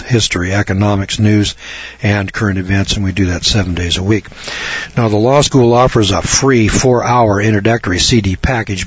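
Husky man preaching on radio. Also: on the low side, no room sound. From American South. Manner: preachy, emphatic, lists at length. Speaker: radio show host. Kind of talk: radio commentary with scripture reading. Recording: dull dry radio broadcast sound.

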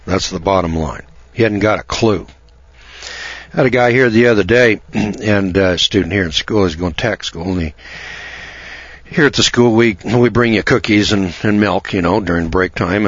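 A man hosting a radio talk hour, holding forth in a folksy, opinionated ramble full of "uh"s and restarts. His voice sits low with a husky edge. The audio is dry and slightly dull, like an older broadcast. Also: moderate pace, no room sound. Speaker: radio show host.

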